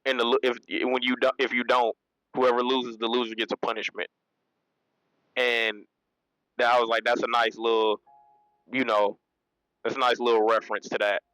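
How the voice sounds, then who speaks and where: A man's voice: mid-range voice, little pitch movement, moderate pace, long pauses, pushed and bright, no room sound, low-quality recording. A man giving a casual spoken manga review, retelling scenes in a loose, slangy way and laughing often.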